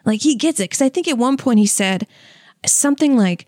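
A woman's voice: on the high side, lively intonation, a little fast, a little mellow, no room sound, studio quality. A young woman, a stand-up comic and co-host, telling stories casually. She acts out what people said and laughs often. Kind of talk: casual storytelling.

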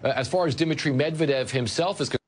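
A male news correspondent giving a measured live report. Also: on the high side, slight background noise. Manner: measured, informative.

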